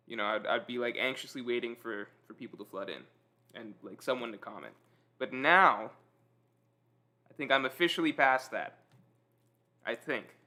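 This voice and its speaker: A livestream host speaks at normal speed with a medium-pitched voice, pausing often as he eats and chats with viewers. He is relaxed and self-deprecating, reading their chat comments aloud.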